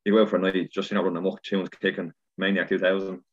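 An Irish man, a podcast guest, chatting casually and telling lively stories, swearing freely. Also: low voice, racing. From Ireland. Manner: animated storyteller, swears freely. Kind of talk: casual chat. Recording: dull lo-fi sound.

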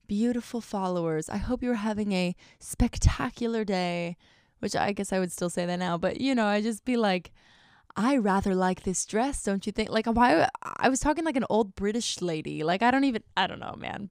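Smooth-voiced chatty young woman vlogger. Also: mid-range voice, no echo, studio quality. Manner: chatty, constant "like" fillers, self-deprecating. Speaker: YouTuber. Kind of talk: casual vlog monologue.

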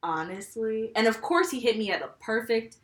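Animated young woman in an echoey room. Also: on the high side, fairly quick. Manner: animated storyteller, laughs often, acts out quotes. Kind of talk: casual chat.

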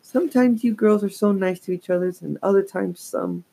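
A man doing a soft-spoken, coaxing mom. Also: high-pitched, lively intonation, brisk, vocal fry, pitched above the performer's own voice, exaggerated voice. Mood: hushed. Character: gentle, reasonable mother.

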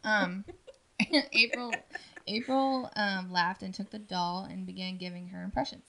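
A woman's voice: medium pitch, steady tone, unhurried, gravelly, sharp tone. A woman casually telling a spooky story on a podcast, rambling with lots of ums and likes.

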